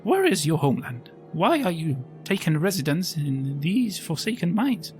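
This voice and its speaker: A man's voice: fairly high pitch, big pitch swings, moderate pace, darkish tone, soft background music. A man voicing an earnest adventurer and party leader who speaks persuasively.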